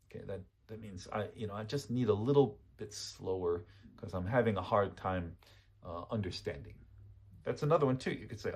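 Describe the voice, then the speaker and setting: A man with a husky, somewhat breathy voice leads a relaxed English lesson. He speaks in a patient, easygoing way. He repeats each model sentence, then checks understanding with a quick "okay?". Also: fairly low pitch. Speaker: English teacher. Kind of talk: casual spoken lesson.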